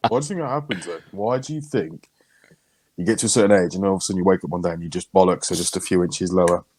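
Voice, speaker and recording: A man's voice: sits low, very fast, a little mellow. Crude joking man. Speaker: podcast co-host. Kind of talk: casual banter.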